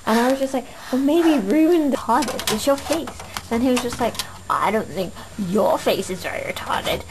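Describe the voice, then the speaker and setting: Woman gossiping nonstop, kinda high voice, roomy echo, loud music in the back. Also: expressive, normal speed, noisy background. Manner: breathless rambling storytelling, mimics others. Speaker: comedy character monologue. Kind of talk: rambling comic gossip monologue. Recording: echoey room, off-mic, loud music behind.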